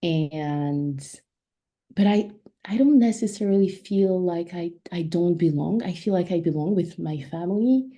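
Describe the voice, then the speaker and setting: Mellow-voiced woman, reflective storyteller. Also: on the low side, measured pace. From Ivory Coast. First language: French. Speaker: guest. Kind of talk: casual interview conversation.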